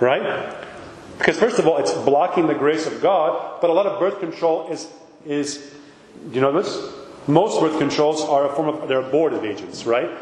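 In an echoey hall with faint background noise, a priest delivers a conversational sermon, speaking emphatically and peppering listeners with rhetorical questions. His voice is a little high and a little fast, with a darkish tone.

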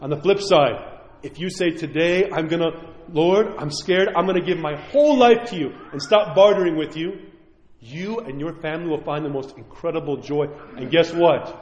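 A man's voice: on the high side, normal speed, a little mellow, reverberant, big-room sound. A middle-aged man preaching a sermon as a priest, impassioned and pleading, acting out the voices he quotes.

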